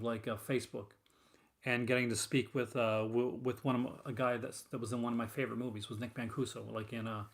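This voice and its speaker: A man hosting a casual stream, rambling and full of fillers and restarts as he chats with viewers. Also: medium pitch. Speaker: host of a horror film collecting show. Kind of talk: casual live-stream chat.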